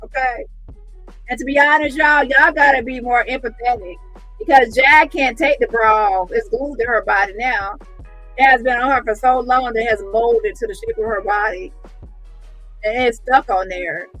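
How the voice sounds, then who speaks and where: A woman giving casual online commentary in a sarcastic, mocking and animated way. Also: on the high side, moderate pace, soft background music, low-quality recording.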